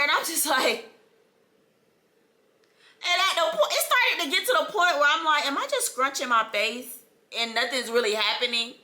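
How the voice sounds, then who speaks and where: A young woman, dramatically telling the story of her birth in a casual storytime vlog, with laughter and sudden loud outbursts. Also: high voice, moderate pace, pauses often. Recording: echoey room.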